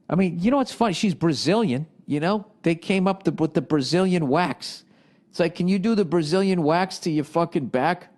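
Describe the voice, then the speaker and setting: A man delivers a comedic podcast rant in a voice that sits somewhat high for a man. He reads questions aloud, then riffs on them with plenty of swearing and a tone of exasperation. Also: normal speed, darkish tone. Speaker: podcast host. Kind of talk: ranting comedic monologue.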